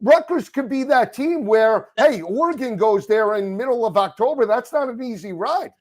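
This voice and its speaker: A man's voice: very high voice, animated, moderate pace, a little mellow. A man hosting a casual sports chat, upbeat and enthusiastic. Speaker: host.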